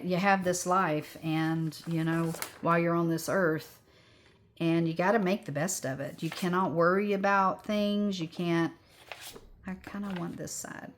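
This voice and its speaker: A woman's voice: on the low side, a little hiss or hum. A woman of sixty chatting casually as she crafts at home, rambling and upbeat. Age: 60s. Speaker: crafting vlogger.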